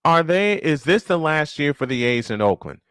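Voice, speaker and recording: Sports stream guy ranting at chat, voice on the higher side and all over the place, dry close mic. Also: moderate pace, smooth, no echo. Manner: animated, ranting, rhetorical questions, repeats points. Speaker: live-stream sports show host. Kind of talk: casual live-stream sports rant.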